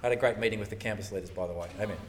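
A man preaching a sermon, animated and conversational, often acting out the voices of churchgoers. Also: on the low side, very fast, recorded from a distance, a little hiss or hum.

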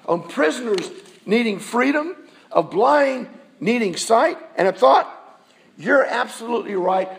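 A man preaching a sermon in a church, his voice pitched high and carrying a gravelly fry. He talks to the congregation in a conversational way and keeps throwing rhetorical questions at them. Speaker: pastor.

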